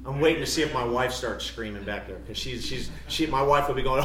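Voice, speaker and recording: A middle-aged man preaching a sermon as a pastor, emphatic, rising to loud declarations and dropping to quiet personal asides. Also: medium pitch, fairly quick, recorded from a distance. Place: church sanctuary. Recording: roomy church echo.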